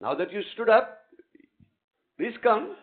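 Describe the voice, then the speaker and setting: A high-pitched male lecturer with a lively voice that swings widely, teasing and coaxing students in an interactive class. The sound is thin and tinny, like a phone line. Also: slow. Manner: animated, teasing, coaxes students on stage. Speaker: guest lecturer. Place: lecture hall with a stage.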